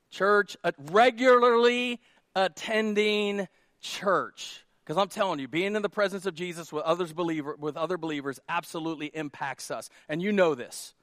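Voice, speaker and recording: A man pastor preaching a sermon to his church in a loose, conversational way, making jokes and then hammering key lines by repeating them louder. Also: on the high side, dry recording, studio quality. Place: church sanctuary.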